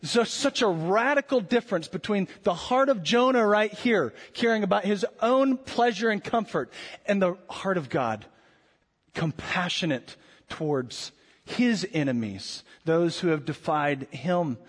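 A high-pitched man preaches a sermon in a large sanctuary. His earnest delivery swells on the key points and falls to near-whispers, and a long reverb trails every phrase. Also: expressive, measured pace, breathy edge. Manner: earnest preaching with rising emphatic peaks and quiet drops. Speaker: pastor.

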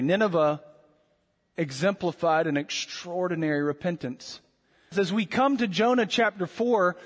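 Guy preaching a sermon, slow punchy emphasis, pauses for effect, pretty high voice, echoing hall. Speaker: pastor.

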